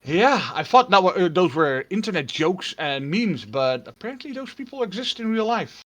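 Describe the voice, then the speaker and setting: A man running a tabletop game on a live stream, his voice sitting a touch high. He narrates loosely and casually, with lots of small fillers and restarts. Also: moderate pace. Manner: relaxed storytelling with many fillers. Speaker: game master.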